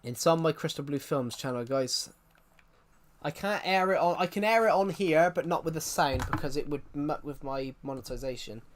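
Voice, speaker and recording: A man's voice: a little high, moderate pace, slight background noise. Rambling male livestreamer. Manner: rambling, restarts sentences often. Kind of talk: casual livestream chat.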